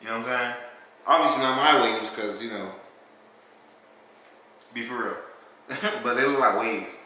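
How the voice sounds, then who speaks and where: A man's voice: medium pitch, measured pace, sharp tone, a little hiss or hum. Young man rambling in a very echoey room. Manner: rambling, profane, joking. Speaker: YouTube reaction host. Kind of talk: casual reaction vlog. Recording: very echoey room with music behind.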